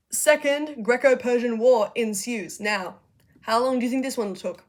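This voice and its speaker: A young woman casually retelling history in a slangy, profane, chatty way, hosting a video essay. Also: a little high. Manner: profane, chatty, acts out figures in quick asides.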